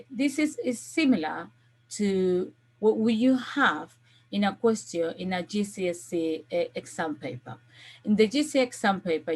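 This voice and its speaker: Lowish-voiced woman teaching a video lesson. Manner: patient, checks in with frequent "okay?"; gives step-by-step classroom instructions. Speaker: language teacher.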